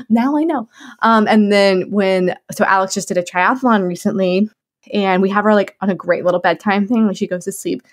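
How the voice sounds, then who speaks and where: A young woman talks in a loose, chatty way, full of fillers and quick laughs. She speaks at an ordinary middle pitch. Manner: chatty, bubbly, lots of "like" and laughs. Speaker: new mom answering viewer questions. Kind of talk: casual chat.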